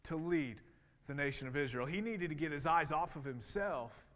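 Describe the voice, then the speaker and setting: A male pastor in his thirties preaches in a loose, conversational way, often stopping to restart. His voice sits fairly high for a man. A long reverb trails his words, as in a large hall. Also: moderate pace, fairly bright tone. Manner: conversational, with many fillers and restarts. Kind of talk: sermon.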